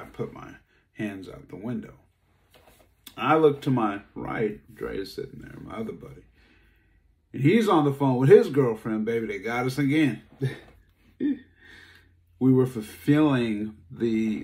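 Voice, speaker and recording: A man giving a talk, telling a personal story in a casual, conversational way and acting out the dialogue. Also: normal speed. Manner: animated, acts out dialogue, voice jumps high when upset. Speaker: speaker.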